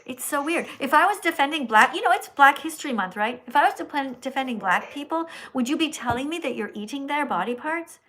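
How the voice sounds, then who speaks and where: A woman hosting a live stream, reading donations aloud and lecturing slowly and bluntly. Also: sits high, lively intonation, a bit bright. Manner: blunt, scolding; slow, emphatic lecturing. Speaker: livestream host reading donations.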